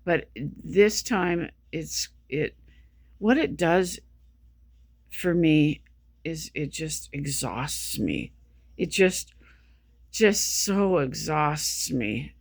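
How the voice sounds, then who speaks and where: An expressive, gravelly, medium-pitched vlogger speaks extremely slowly and pauses often in a casual monologue. They are exhausted, sleep-deprived and sick, rambling, repeating themselves and restarting sentences constantly. The audio is clean studio sound with no echo.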